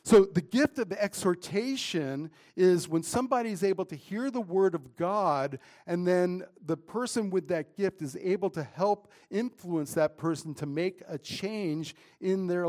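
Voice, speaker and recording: A man's voice: high-pitched, measured pace, hardly any pauses, darkish tone. A middle-aged man preaching a sermon in a casual, conversational way, often saying "man" and "right?". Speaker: pastor.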